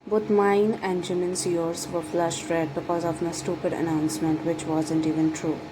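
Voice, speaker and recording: Woman reading a romance fanfic aloud, lowish voice, lovestruck and dramatic, noisy background hum. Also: moderate pace. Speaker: fan fiction reader. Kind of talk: first-person story narration. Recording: steady background noise.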